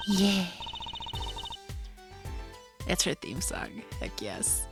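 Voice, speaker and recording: A woman's voice: lowish voice, expressive, takes it slowly, long pauses. A young woman casually commenting on a game playthrough, giggling and joking between lines. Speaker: gaming streamer. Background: game music.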